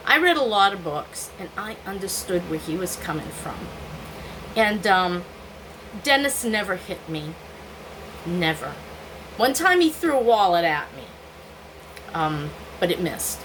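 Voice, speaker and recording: A woman's voice: medium pitch, a bit bright, a little hiss or hum, rough recording. An older woman vlogging, telling candid stories from her own life and often laughing at herself. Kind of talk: personal storytelling to camera.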